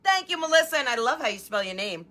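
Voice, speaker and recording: Woman, craft livestream host, upbeat bright voice pitched a bit high, chatty with viewers, at home. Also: very animated, fast talker. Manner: chatty, greets viewers by name. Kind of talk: live-stream chat while crafting.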